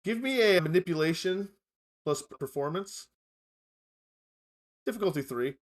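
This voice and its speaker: A man running a tabletop role-playing game as game master, calling for dice rolls and describing scenes in a measured way. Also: sits high, lively intonation.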